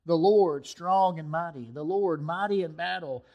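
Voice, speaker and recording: A man's voice: on the high side, measured pace, few pauses, darkish tone. A man preaching a sermon to his congregation, reading scripture and a poem aloud with rising emphasis. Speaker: pastor.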